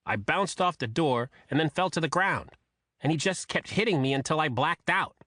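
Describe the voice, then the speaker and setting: A man's voice: on the high side, animated, moderate pace, fairly bright tone, no echo, studio quality, voice pushed up. A man voicing a battered deaf male building worker with a nasal, quacking voice, in an audiobook thriller. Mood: dazed, pained.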